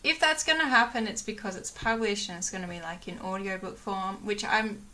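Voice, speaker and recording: Young woman vlogger, bright voice, rambling chatty delivery with plenty of fillers. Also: medium pitch, a little fast. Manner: rambling, lots of fillers and restarts, laughs often. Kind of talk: casual chat to camera.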